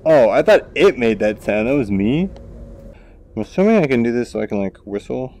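A tired man giving goofy gameplay commentary into a VR headset, with excitable outbursts between quiet mutters. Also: mid-range voice, a little fast, slight background noise. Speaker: gamer.

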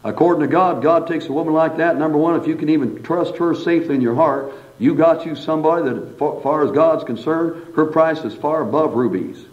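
A man preaches in a folksy, animated way, leaning on asides and repetition. His voice sits fairly high for a man. The recording is dull and lo-fi. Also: brisk, hardly any pauses. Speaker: pastor. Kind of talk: sermon.

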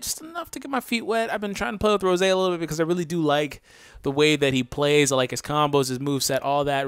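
A young man hosting a let's play, chatting casually to viewers and reacting loudly to the game, his voice groggy today. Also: a little high, clear, resonant tone, no echo. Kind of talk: casual gameplay commentary.

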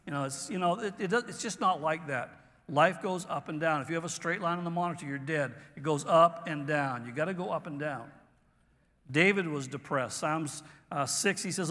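A pastor delivers his sermon in a high, bright voice, earnest and halting as he restarts phrases. A long reverb from the church sanctuary trails behind every word. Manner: earnest preaching with pauses and restarts.

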